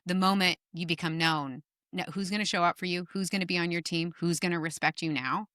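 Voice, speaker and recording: Emphatic woman guest, bright voice. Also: fairly low pitch, fairly quick, no room sound, clean studio sound. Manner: animated, emphatic storyteller, swears casually. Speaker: guest author. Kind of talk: podcast conversation.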